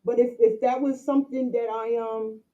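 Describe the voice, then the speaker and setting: Livestreamer, casual chat, rambling, repeats itself, very dark tone, dull lo-fi audio. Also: mid-range voice, flat delivery, moderate pace. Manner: rambling, repeats itself, addresses viewers directly.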